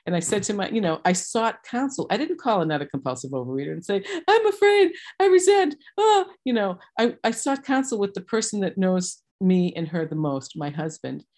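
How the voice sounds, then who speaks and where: A middle-aged woman with a low, grounded voice speaks candidly at a recovery share. She is frank and self-mocking, and acts out the people in her story. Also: a little mellow. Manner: candid, self-deprecating storytelling with quoted dialogue.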